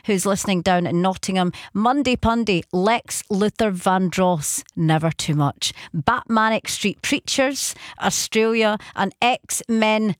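A woman's voice: mid-range voice, takes it slowly, hardly any pauses, no echo. A woman hosting a late-night radio show in a studio, chatty and giggly as she reads out listener messages. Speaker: radio host. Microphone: studio microphone.

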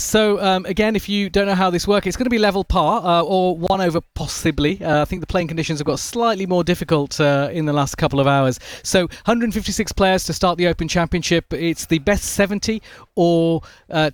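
Man, golf reporter, animated storyteller, fairly high voice, dry close sound. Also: fairly quick, few pauses, no echo. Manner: animated storytelling, frequent fillers. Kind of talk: sports radio chat.

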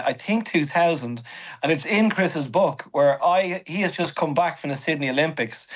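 A middle-aged male comedian spins his stories with real animation, slipping into the voices of the people in them. His voice sits a little high for a man. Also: poor audio. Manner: animated anecdotes with acted-out quotes. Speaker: comedian guest. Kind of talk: storytelling radio interview.

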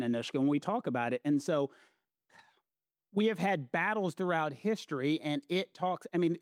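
A man's voice: high-pitched, darkish tone, no room sound. A man with a Southern US accent, co-hosting a talk show and explaining legal points in an emphatic, lecturing way. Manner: emphatic, lecturing, repeats phrases for stress. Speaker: legal commentator co-host. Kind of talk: casual explanatory chat.

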